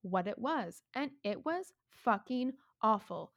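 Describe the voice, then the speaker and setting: A woman in her thirties telling a story in casual chat, animated, swearing freely and laughing often. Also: on the high side, slow, vocal fry, lo-fi sound. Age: 30s.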